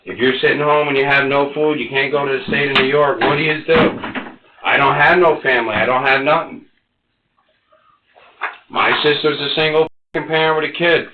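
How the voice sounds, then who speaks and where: A man in his forties under police interrogation, ranting and cursing, swinging between loud outbursts and low mutters. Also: steady tone, normal speed, background noise. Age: 40s. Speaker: interrogation suspect. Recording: echoey, muffled interrogation room recording.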